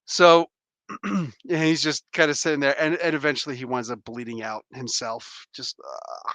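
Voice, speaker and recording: A man's voice: medium pitch, steady tone, normal speed, sharp tone, no echo. A man running a tabletop role-playing game as game master, joking and laughing often.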